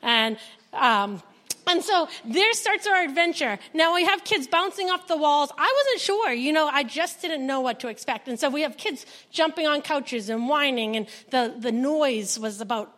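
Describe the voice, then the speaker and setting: Woman with a high voice giving an emotional, animated church testimony. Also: moderate pace, long reverb tail. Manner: animated storytelling, acting out quoted dialogue. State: emotional, near tears. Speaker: foster mother sharing a testimony. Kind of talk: personal testimony told to a congregation. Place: church service.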